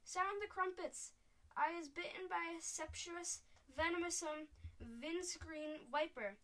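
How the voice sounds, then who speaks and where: A woman's voice: a little high, very fast, natural voice. Woman doing a bellowing cruel giant. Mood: panicked. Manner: bellowing, garbled grammar. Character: huge cruel male giant, bellowing bully.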